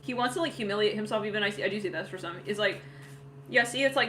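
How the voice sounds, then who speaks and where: A woman's voice: mid-range voice, expressive, fast, fairly bright tone, a little hiss or hum. A woman giving a casual tarot reading, rambling with lots of fillers and frequent laughter. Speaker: tarot reader.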